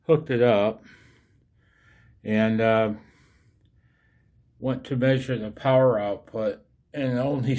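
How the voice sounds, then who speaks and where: A man's voice: medium pitch, darkish tone. A man chatting casually to viewers in a home vlog about his radio setup, chuckling often as he rambles in a folksy way. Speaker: amateur radio vlogger. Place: home and yard.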